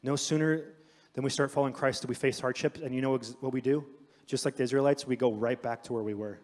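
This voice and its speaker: A young adult man preaching a sermon as pastor, telling stories with acted quotes in an animated way. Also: mid-range voice, fast talker. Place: church sanctuary. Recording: long hall reverb.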